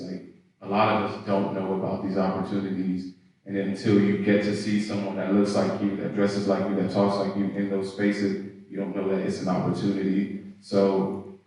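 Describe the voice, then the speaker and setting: A man's voice: sits low, a little mellow, distant mic. A man on an industry panel speaking earnestly and passionately to students. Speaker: panelist, footwear professional. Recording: echoey hall, mic from afar.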